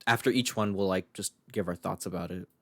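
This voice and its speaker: A man's voice: deep voice, fairly quick, no echo. A man co-hosting a podcast in casual chat, laughing often and talking with lots of fillers. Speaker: podcast co-host.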